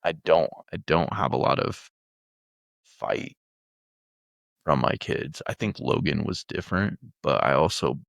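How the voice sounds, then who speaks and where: A man's voice: a bass voice, expressive, measured pace, creaky, long pauses, no echo. A man in his forties co-hosting a podcast, easygoing and stumbling over his first words. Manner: easygoing, repeats words when starting. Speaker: podcast co-host. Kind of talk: casual podcast chat.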